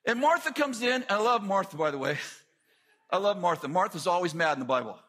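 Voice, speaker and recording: A middle-aged man preaching a sermon, telling stories with lively asides and quick jokes. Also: high voice, husky. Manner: animated storytelling with quick asides.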